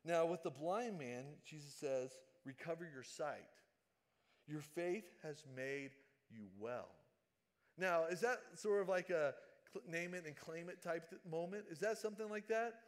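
A man delivers a sermon in a fairly high voice. He moves between loud, dramatic calls and quiet, hushed asides, retelling scripture with feeling. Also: animated, measured pace. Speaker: preacher.

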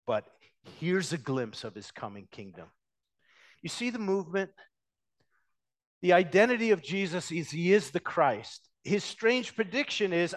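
A man preaching a sermon, swinging between loud emphatic passages and quiet, hushed ones. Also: high voice, very animated, a little slow. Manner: dynamic preaching, rising loud then dropping to hushed. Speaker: pastor.

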